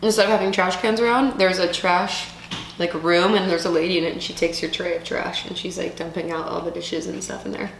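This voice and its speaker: Young woman, somewhat low voice, casual chat, echoey room. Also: fairly even intonation, brisk, creaky, slight background noise. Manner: talks between bites while eating. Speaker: co-host. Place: indoors.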